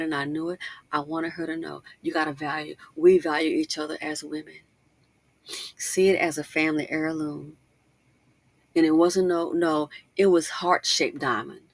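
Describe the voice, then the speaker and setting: A middle-aged woman hosting a casual commentary monologue, chatty and animated, full of asides and emphatic rhetorical questions. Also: deep voice, dry recording. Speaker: commentary channel host.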